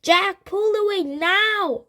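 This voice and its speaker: A woman reading aloud who voices a brave, energetic young girl with high, loud, urgent calls. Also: takes it slowly. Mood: shouting.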